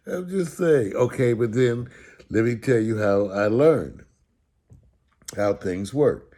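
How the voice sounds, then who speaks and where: A man's voice: lowish voice, takes it slowly. Sarcastic man telling humorous stories. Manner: sarcastic, animated, with casual profanity. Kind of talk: humorous storytelling talk.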